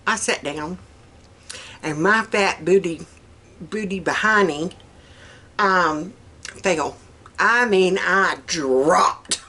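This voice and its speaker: A woman with a Southern US accent chatting casually in her home kitchen for a vlog, folksy and quick to laugh. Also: fairly low pitch, sharp tone. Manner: folksy, laughs often while talking. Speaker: vlogger.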